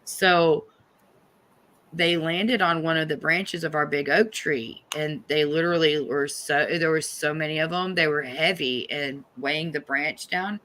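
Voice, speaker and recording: A middle-aged woman hosting a livestream, telling a story in a casual, animated and profane way. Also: low-pitched, unhurried. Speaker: livestream host.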